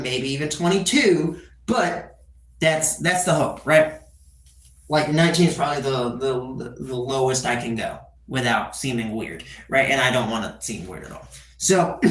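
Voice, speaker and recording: A man's voice: fairly high pitch, fairly bright tone, reverberant. A twenty-year-old man chatting casually on a live stream, rambling with crude joking asides and tagging "right?" onto his sentences. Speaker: livestreamer.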